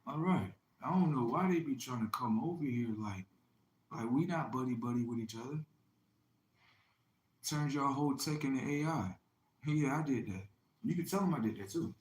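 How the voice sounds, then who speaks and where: A man hosting a livestream, delivering a boastful, taunting, profane monologue that swings between loud outbursts and low mutters. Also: animated, moderate pace. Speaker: livestream host. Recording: echoey room with faint ambient noise.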